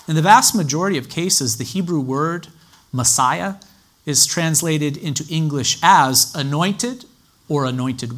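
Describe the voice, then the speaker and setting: A man teaching a sermon in a measured, explanatory way, citing scripture references as he goes. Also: a little high, fairly bright tone. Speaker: Bible teacher.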